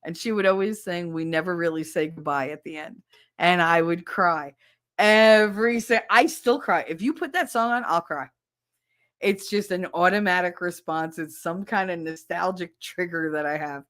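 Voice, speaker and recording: A woman's voice: fairly low pitch, moderate pace, fairly bright tone. A middle-aged woman hosting a podcast in casual solo chat, rambling, nostalgic and self-mocking. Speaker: podcast host.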